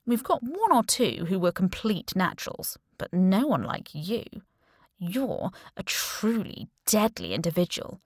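A woman's voice: mid-range voice, sing-song, a little slow, no echo. Woman reading a smug male spymaster, mocking, condescending, dry close sound. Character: smug scheming male spy boss. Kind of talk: audiobook character reading.

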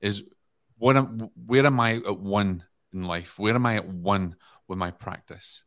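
A Scottish man, a podcast guest, telling a reflective parable in a calm, measured way. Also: on the low side. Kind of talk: casual podcast talk.

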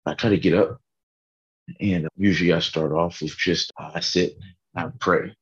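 A man's voice: low voice, fairly even intonation, normal speed, husky, lo-fi sound. A tired man in a casual faith vlog, earnestly rambling about his morning prayer from his bedroom. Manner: earnest, rambling, laughs at himself.

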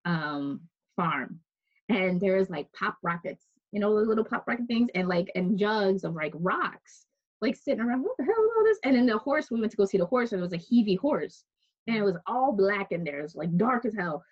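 A woman's voice: medium pitch, lively intonation, moderate pace, breathy edge. A woman telling stories in a casual conversation, chatty, full of restarts and "like", often laughing. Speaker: interviewee. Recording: dull lo-fi recording.

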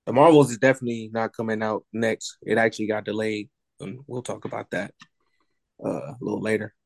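A man's voice: on the low side, fairly even intonation, a little fast, vocal fry, no room sound. A man co-hosting a casual film podcast, laid-back and teasing his friends. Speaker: podcast co-host. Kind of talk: casual chat.

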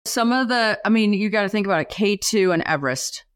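A woman's voice: a little fast, dry recording. Woman in her 40s on a podcast, storytelling, jumps way up when quoting people, dry close sound. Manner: animated, acts out quoted voices with big pitch jumps. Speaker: podcast guest. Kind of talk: storytelling in a casual interview.

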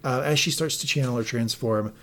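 A man co-hosting a podcast, recapping an episode in an animated, profane way and quoting lines of dialogue. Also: medium pitch, a little fast. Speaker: podcast co-host.

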